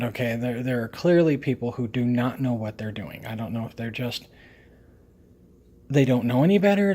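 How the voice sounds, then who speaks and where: A man talking straight to camera in a casual video review. He lectures emphatically, pressing his points home and tagging them with a questioning "okay?" His pitch sits right in the middle for a man. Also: darkish tone, husky. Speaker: product reviewer.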